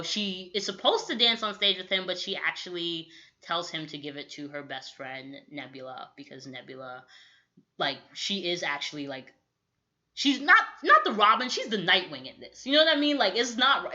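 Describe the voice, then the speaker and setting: Lively young woman recapping with bright energy. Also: lowish voice. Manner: animated storytelling with quick acted-out quotes, lots of "like". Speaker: podcast co-host recapping a movie. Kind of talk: casual chat. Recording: dull lo-fi audio.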